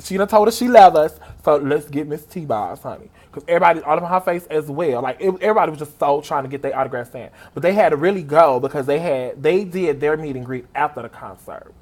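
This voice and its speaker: A man telling an excited personal story on his vlog, gushing and animated and speaking straight to his viewers. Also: quick pace, few pauses. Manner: animated and gushing, big pitch swings, talks straight to viewers. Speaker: vlogger.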